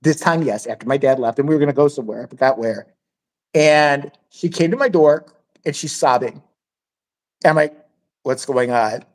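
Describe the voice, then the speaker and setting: Brisk and somewhat high-voiced, a podcast host tells a story loosely, cursing and animatedly voicing each character. The audio quality is poor, and the tone is casual storytelling chat.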